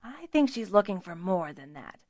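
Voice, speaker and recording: A man's voice: sits high, big pitch swings, moderate pace, dry recording, clean studio sound. Genial host craftsman, voiced by a woman. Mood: gentle. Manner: pleasant, teasing, gently coaxing.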